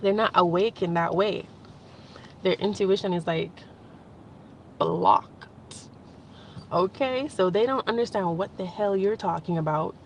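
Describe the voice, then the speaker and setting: A woman's voice: medium pitch, a little slow, long pauses, a little hiss or hum. A young adult woman talking in a casual, rambling vlog, emotional and laughing now and then. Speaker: vlogger. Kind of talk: casual spiritual vlog monologue.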